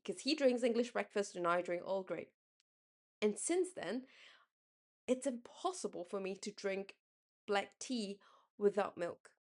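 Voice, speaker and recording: A young woman from Singapore rambling in a casual late-night vlog, correcting herself often and laughing as she talks. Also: on the high side. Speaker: vlogger.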